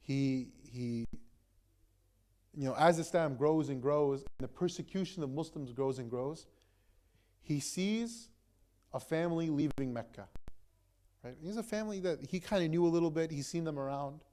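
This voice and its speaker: A young man, an imam, retelling a story to a gathering in a relaxed, conversational way, full of fillers and restarts. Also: on the high side, moderate pace, long pauses. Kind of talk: casual storytelling talk.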